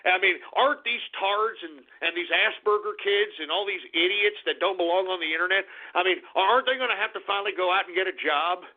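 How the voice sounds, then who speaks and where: A man's voice: sits high, a little fast, hardly any pauses. A man playing a hot-tempered old radio host and war veteran, who launches into explosive, cursing tirades at his listeners. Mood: sneering. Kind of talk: comedic radio character rant. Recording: tinny phone-like call-in radio line.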